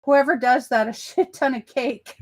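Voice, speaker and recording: A woman's voice: sits high, unhurried. A woman hosting a casual reaction commentary, chatting loosely, swearing freely and answering viewer comments. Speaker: commentary channel host.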